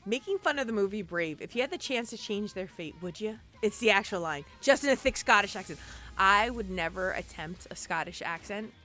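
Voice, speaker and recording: Woman game streamer, lively and bright, gasps and exclaims, soft game music under. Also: mid-range voice, brisk. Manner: animated, chatty, exclaims and gasps often. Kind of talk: casual gameplay commentary.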